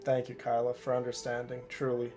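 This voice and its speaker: A man's voice: mid-range voice, completely flat delivery, a little fast, mellow, faint music behind. A man streaming, talking to his viewers in a heartfelt, stammering way, sounding worn out. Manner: stammering, heartfelt, repeats himself. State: tired. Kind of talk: emotional livestream chat with viewers.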